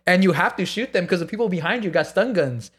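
Animated storytelling man, slightly high voice. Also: quick pace, slightly rough. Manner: animated storytelling, acts out gasps and quotes, swears freely. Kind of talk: casual chat.

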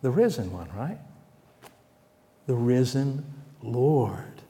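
A male pastor preaching a sermon in a conversational way, asking the congregation questions and swelling louder for emphasis. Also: medium pitch, very animated, measured pace, long pauses, long reverb tail.

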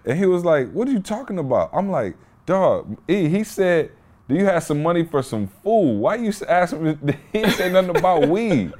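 Laughing often, a male co-host spins animated stories on a laid-back podcast. His pitch is fairly high and he talks at a normal speed.

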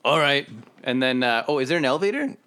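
A man's voice: mid-range voice, expressive, quick pace, sharp tone, smooth. A man playing in a casual tabletop game session, laughing as he talks and stumbling over his words. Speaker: player.

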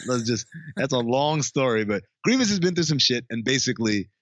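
A man's voice: medium pitch, expressive, moderate pace, a bit bright, no room sound. A man co-hosting a podcast in a loose, casual chat, swearing freely and laughing often. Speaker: podcast co-host.

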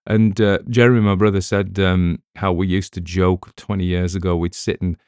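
A man's voice: deep voice, level tone, moderate pace, darkish tone, clean tone, no echo, clean studio sound. A middle-aged man with a British accent, an audiobook narrator rambling in casual chat with wry asides.

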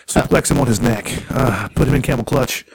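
A man's voice: medium pitch, fairly quick, slight background noise. A man co-hosting a podcast, trading crude, mocking jokes in casual banter. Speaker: podcast co-host.

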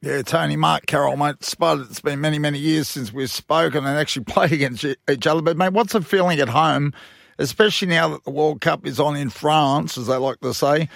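A man's voice: a little high, brisk, creaky, a bit bright, no echo, clean studio sound. A man co-hosting sports radio, joking and laughing. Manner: jokey, laughing. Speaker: radio co-host, former player.

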